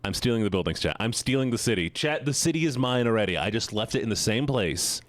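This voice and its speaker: A man's voice: medium pitch, lively intonation, fast talker, no room sound. A man streaming live, chatting casually and teasing his chat with playful mock-villain boasts.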